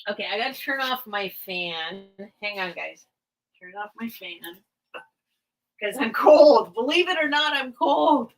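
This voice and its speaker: A woman's voice: on the high side, expressive, measured pace. A woman hosting a casual live-stream sale from home, chatty and rambling, often thanking her viewers.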